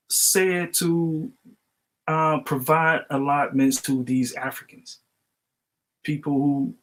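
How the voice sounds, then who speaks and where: A man's voice: on the high side, rough recording. A man chatting casually as a guest on a livestream, loose and slangy, with frequent restarts.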